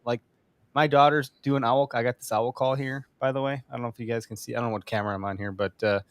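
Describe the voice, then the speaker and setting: A man's voice: mid-range voice, fairly even intonation, fast talker, no room sound. A man hosting a live podcast in casual chat, rambling and joking with frequent laughs. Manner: rambling, jokey, laughs often. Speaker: podcast host. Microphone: studio mic.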